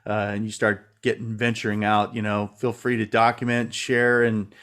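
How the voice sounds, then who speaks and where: A man's voice: lowish voice, flat delivery, normal speed, fairly bright tone, clear, resonant tone. A man hosting a casual video-call chat, rambling in a friendly way and repeating words as he goes. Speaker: company host interviewer.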